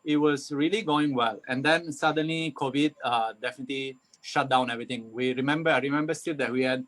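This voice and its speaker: A man's voice: mid-range voice, a little fast, a bit bright. A man with an Italian accent, a company founder speaking as a guest in a casual live interview, hesitant and full of fillers and restarts.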